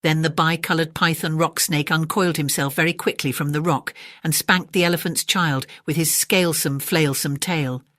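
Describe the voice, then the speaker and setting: Low-voiced woman reading a bedtime story. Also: no echo, clean studio sound. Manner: calm, measured, addresses the listener.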